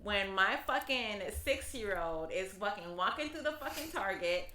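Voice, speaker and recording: A woman in her thirties co-hosting a podcast, telling stories in a loud, profane, animated way. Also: mid-range voice, moderate pace. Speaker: podcast co-host. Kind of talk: casual chat. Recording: echoey room.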